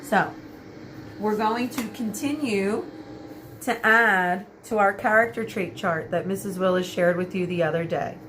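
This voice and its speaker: A woman teacher reading a chapter book aloud to children, expressive and addressing them directly. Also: medium pitch, measured pace, slight background noise.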